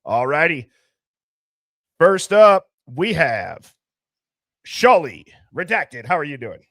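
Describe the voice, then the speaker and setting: A man's voice: fairly high pitch, very animated, slow pace, fairly bright tone, no room sound, studio quality. Upbeat joking man hosting a live call-in stream. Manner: upbeat, joking, laughs often. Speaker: host of a live call-in show. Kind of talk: casual live-stream chat.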